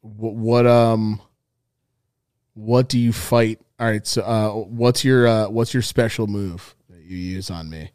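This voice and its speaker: A man's voice: fairly low pitch, steady tone, takes it slowly, a little mellow, clean tone, no room sound, studio quality. A man co-hosting a comedy podcast, rambling through a bit with lots of fillers and swearing. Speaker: podcast co-host. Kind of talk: casual comedy chat.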